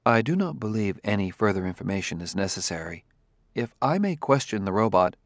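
A man voicing a calm, formal male partner who speaks gently and precisely. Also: mid-range voice, normal speed, no echo, clean studio sound.

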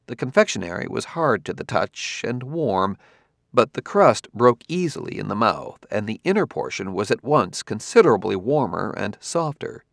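A man narrates an audiobook in a steady, measured way. His voice sits low with a gravelly texture. The sound is dry and close. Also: dry recording. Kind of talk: scripted narration.

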